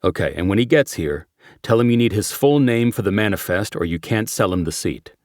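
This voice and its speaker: A man voicing a calm male sheriff's deputy in an audiobook, speaking in short, measured lines. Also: on the low side, no echo, clean studio sound, close to an everyday voice. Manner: terse, measured.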